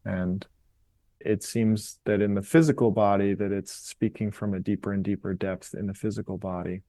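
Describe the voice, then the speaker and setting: A man with a low, warm, mellow voice talks through his ideas in a calm, explanatory way, as a guest on a podcast interview. His voice is dry and close, with no room sound around it. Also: moderate pace, no room sound. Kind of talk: reflective interview talk on meditation.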